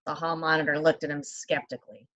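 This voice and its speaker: A woman's voice: sits low, quick pace, rough recording. Woman reading a children's novel aloud. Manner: expressive, voices the characters lightly. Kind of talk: reading aloud with asides to listeners.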